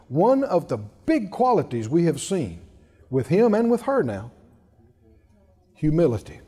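High-voiced, lively male preacher. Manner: emphatic, call-and-response, chuckling asides. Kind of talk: sermon.

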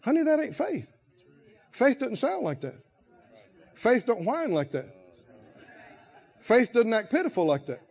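A man preaching a sermon as pastor, shifting from soft talk to loud, shouted exhortation with laughs. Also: very high-pitched, huge pitch swings, unhurried, gravelly, long pauses, slightly rough, lo-fi sound.

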